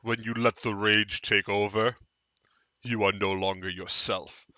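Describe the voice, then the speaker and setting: A man voicing an eight-foot hulking inquisitor who speaks in a low, grave, gravelly voice. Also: level tone, unhurried, sharp tone, no room sound. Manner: grave, commanding.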